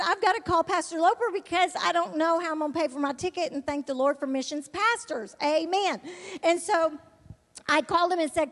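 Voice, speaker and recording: High-voiced woman telling her testimony. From Alabama. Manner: animated, laughs often, acts out quoted voices. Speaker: missionary giving a testimony. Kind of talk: storytelling testimony to an audience. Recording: long hall reverb.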